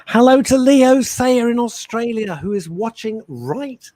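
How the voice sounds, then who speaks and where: A man's voice: very high voice, animated, unhurried, mellow, no echo. A man co-hosting a casual radio chat show, joking while reading listener messages.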